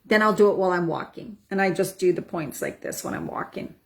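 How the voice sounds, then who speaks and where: A woman in her forties, a wellness coach, calmly guiding a tapping practice and checking in with "right?" and "okay?". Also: lowish voice, brisk. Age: 40s. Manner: soothing affirmations with frequent "right?" and "okay?". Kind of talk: guided self-help demonstration.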